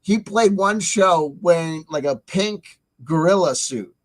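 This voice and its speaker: A man's voice: high voice, takes it slowly. A man hosting a commentary video, ranting and swearing in a mocking, angry way. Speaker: commentary channel host.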